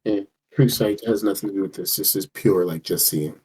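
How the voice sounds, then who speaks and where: A man at a tabletop game session with a low, mellow voice. He talks in a measured, thoughtful manner, weighing choices aloud. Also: slight background noise. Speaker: player.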